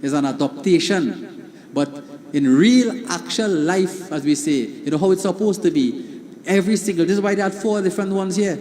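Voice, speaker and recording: A man's voice: high-pitched, normal speed, a little mellow. A middle-aged man with a Trinidadian accent preaching a sermon as a pandit, repeating key phrases for emphasis and chanting short mantras. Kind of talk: sermon at a satsang. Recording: long hall reverb.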